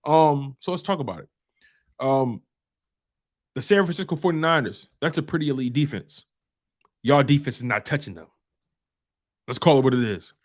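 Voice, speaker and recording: A man's voice: medium pitch, expressive, moderate pace, long pauses. A man hosting a live-streamed football show, talking in an emphatic, repetitive trash-talk style full of slang. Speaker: sports show host.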